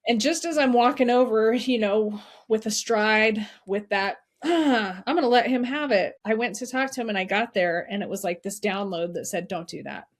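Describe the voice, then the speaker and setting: A woman's voice: on the high side, normal speed, few pauses. A middle-aged woman speaking as a guest, earnestly telling personal stories and repeating encouraging advice. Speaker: guest, suicide prevention advocate. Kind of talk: heartfelt conversational storytelling.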